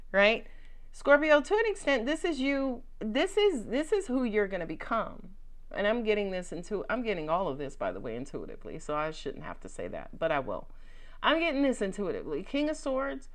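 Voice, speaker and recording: A woman giving a casual tarot reading, chatty and joking, with slangy asides and frequent laughs. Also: on the high side. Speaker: tarot reader.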